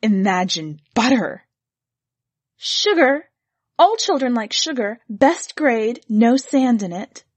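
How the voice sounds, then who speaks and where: Female narrator, measured and gently expressive, slightly husky tone, dry booth sound. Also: on the high side, dry recording. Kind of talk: scripted story reading.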